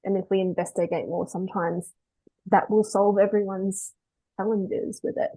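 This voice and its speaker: A woman dog behaviourist talking through a webinar, lively and chatty, acting out owners in quick quotes. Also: mid-range voice, poor audio. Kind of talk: webinar talk.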